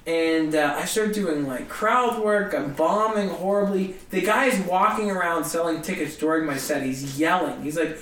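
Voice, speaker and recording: A man, a comedian, telling a story in an animated, self-mocking way in conversation. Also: a little high, normal speed, few pauses, echoey room, recorded from a distance, a little hiss or hum. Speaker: comedian guest.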